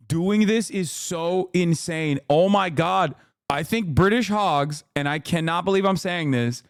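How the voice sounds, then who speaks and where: Blunt, profane male streamer, crisp voice. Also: fairly high pitch, dry recording, studio quality. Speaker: streamer reacting to news footage. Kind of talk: live reaction stream commentary.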